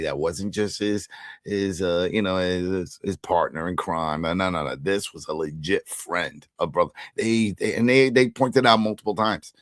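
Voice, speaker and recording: Deep-voiced man retelling TV episodes. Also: no room sound, clean studio sound. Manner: animated retelling, acting out characters' lines. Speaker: podcast co-host. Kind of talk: casual TV recap chat.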